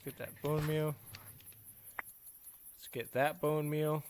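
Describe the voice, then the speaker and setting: A man's voice: on the high side, flat delivery, slow, very noisy. A man hosting a gaming video, chatting to himself and his viewers as he plays. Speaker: gaming channel host. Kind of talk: let's play commentary.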